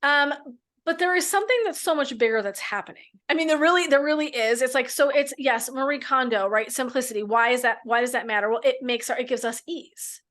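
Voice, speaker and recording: Brief: middle-aged female co-host, chatty, laughs often, salty language, voice sitting a bit high. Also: a little fast. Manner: animated, laughing often, swearing freely. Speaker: podcast co-host, midlife coach. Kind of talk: casual chat.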